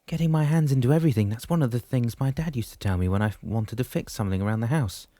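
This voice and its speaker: A man reading as an excitable young man, eager and raised in voice. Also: fairly low pitch, quick pace, dry recording, clean studio sound, close to an everyday voice. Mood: excited.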